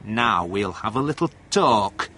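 A man voicing a jealous young bully in a read-aloud story, speaking slowly and threateningly. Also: mid-range voice, fairly bright tone, slight background noise, close to an everyday voice. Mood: menacing.

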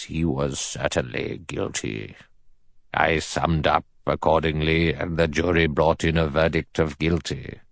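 A man voicing an elderly male judge in an audiobook, cold, precise and measured in delivery. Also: rumbling low, creaky, no echo, clean studio sound, exaggerated voice. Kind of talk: audiobook character reading.

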